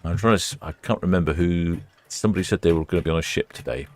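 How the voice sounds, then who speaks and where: Talking fast in a low voice, a British man hosts a live stream watching ships from a warm indoor room by the quay, chatting casually and reading viewers' comments aloud.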